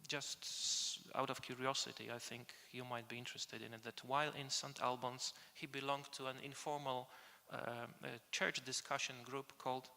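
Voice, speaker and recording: This academic conference talk comes from a man with a Polish first language, speaking at medium pitch with a flat delivery. The voice is gravelly with a bright edge, the speech hesitant with filled pauses and restarts, all echoing in a long hall reverb.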